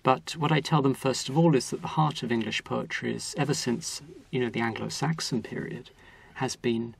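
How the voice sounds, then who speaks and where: A man who teaches English literature at a university, explaining things in a measured, lecturing way during an interview. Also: mid-range voice, creaky. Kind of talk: interview conversation.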